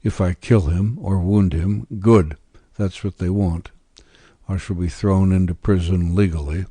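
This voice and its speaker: A bitter, ambitious young schemer, voiced by a male audiobook reader, speaks in a deep, dark, husky voice. His words come slowly and simmer with intensity, flaring into defiance. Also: steady tone, no echo. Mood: defiant. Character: young ambitious scheming peasant-born man. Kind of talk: audiobook character reading.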